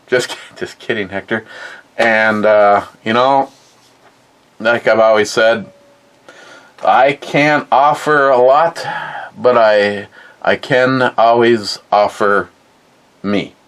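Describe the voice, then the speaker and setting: A man's voice: on the low side, steady tone, takes it slowly, long pauses, a bit bright, low-quality recording. A man, hosting a livestream in casual chat and reading out viewer comments in a rambling, blunt way with free swearing. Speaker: livestream host.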